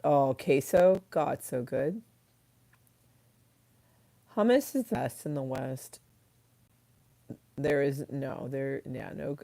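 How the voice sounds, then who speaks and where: A woman's voice: rumbling low, takes it slowly, creaky, pauses often, dark tone. A woman hosting a casual livestream, chatting freely with viewers, swearing and laughing at her own stories. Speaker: livestream host reading chat.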